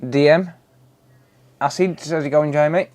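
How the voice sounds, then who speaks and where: A man's voice: on the high side, fairly even intonation, measured pace, darkish tone. A man in his thirties hosting a live repair stream, casually greeting viewers by name and calling them "mate".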